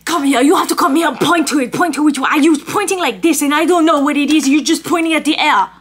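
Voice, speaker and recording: A woman voicing a rude, pushy male cafe worker who talks in a loud, brusque, lecturing way. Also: high-pitched, rapid-fire, voice pushed up. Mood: bossy.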